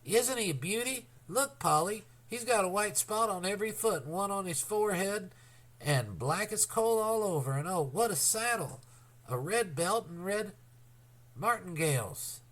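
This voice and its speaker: A man's voice: expressive, normal speed, hardly any pauses, a bit bright. A man reading an audiobook, voicing an eager young boy in a raised, gushing voice. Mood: excited. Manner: high, breathless and gushing. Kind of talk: audiobook character voice.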